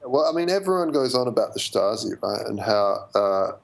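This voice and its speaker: A male radio guest chatting casually, a lively storyteller who laughs often and uses many fillers. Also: on the low side, normal speed, gravelly, rough recording. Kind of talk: casual chat, anecdote. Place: in Berlin.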